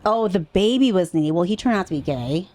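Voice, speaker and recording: A woman's voice: fairly low pitch, fairly quick, noisy background. A woman, a podcast guest and actor, telling stories in a casual chat and swearing freely. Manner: animated storytelling, swears freely.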